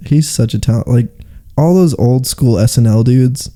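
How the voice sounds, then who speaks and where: A young man co-hosting a podcast, chatting casually and joking, with quick asides and a bit of swearing. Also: mid-range voice, dark tone. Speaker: podcast co-host. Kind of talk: casual chat.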